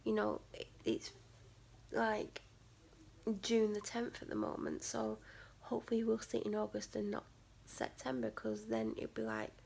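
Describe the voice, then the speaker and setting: Woman with a gravelly, breathy voice. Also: mid-range voice, animated, a little slow, pauses often, darkish tone. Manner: rambling, with many fillers and restarts. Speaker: vlogger. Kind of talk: casual talk to camera.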